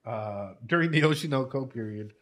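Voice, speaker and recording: A man's voice: mid-range voice, animated, moderate pace, fairly bright tone. A man reacting to a show in casual commentary, laughing often, swearing freely and emotional as he tells a heartfelt story. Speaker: anime reaction host.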